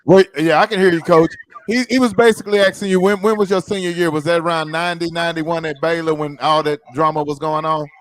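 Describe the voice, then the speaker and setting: Fast talking host guy, kinda high voice, really dry sound. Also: steady tone. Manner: quick, relays questions. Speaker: podcast host. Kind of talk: casual interview chat. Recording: dry close mic.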